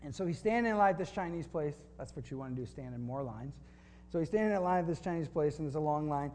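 A man's voice: fairly high pitch, lively intonation, quick pace, a little mellow. A man preaching a sermon, telling a story with dry humor and reading scripture aloud in a conversational way. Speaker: pastor.

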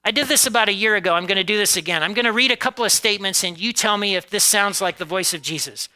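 On a low-quality recording, a US pastor with a high, sharp but smooth voice preaches to his congregation. His style is conversational, peppered with "okay?" and "right?" check-ins and the odd laugh, and he varies his speed from drawn-out emphasis to quick asides.

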